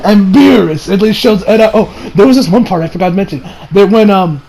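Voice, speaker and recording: Excitable man reviewing an anime episode. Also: high voice, brisk, creaky, a little hiss or hum, rough recording. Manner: excited, laughing, acts out quotes in funny voices. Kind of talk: casual video review.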